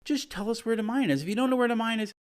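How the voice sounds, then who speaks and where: Small, pushy kobold miners who are lost and quick to take offense, as a man puts them on. They talk in a raised, wheedling voice that turns huffy. This is a storyteller's tabletop tale. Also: mid-range voice, expressive, close to an everyday voice. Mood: offended.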